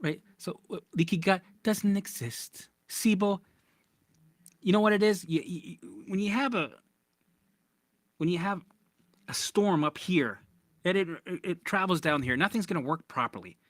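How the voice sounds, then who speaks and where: In a casual livestream chat, a recovery coach answers viewers' comments bluntly, swearing freely and often ending his points with "right?" His voice sits high with lively intonation, moving at normal speed with long pauses, and the recording is dry.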